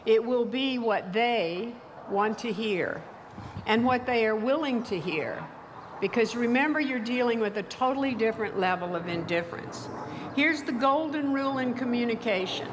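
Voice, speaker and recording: An older woman with a mild Texas accent, giving a commencement speech in a measured, wry storytelling manner. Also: a little high, expressive, noisy background. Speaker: commencement speaker. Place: large ceremony venue. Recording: reverberant hall, faint ambience.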